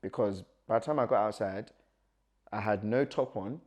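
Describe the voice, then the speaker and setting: Young man, lowish voice, guest recounting his story with lively, acted-out dialogue. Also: normal speed. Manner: animated, acts out quoted dialogue, nervous laughs. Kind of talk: personal storytelling.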